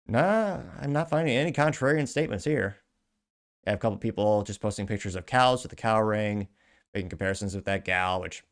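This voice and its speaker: Brief: male show host, deeper voice, reads posts aloud with snide asides. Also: smooth. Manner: sarcastic, rambling asides. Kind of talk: commentary reading social media posts.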